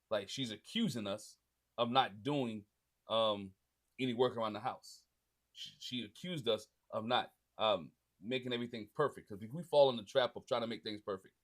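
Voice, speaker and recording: A man in his forties hosting a casual, faith-based advice talk for husbands, often checking in with "right?" and restarting his sentences. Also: mid-range voice. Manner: conversational, frequent "right?" tags and restarts. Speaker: podcast host speaking to husbands.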